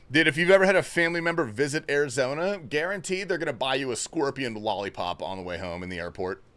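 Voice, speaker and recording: A man's voice: medium pitch, a bit bright. A young adult man hosting a livestream, chatting casually, joking, swearing and thanking viewers from chat. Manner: loose, joking, swears a lot; reads and thanks chat messages. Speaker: livestream host.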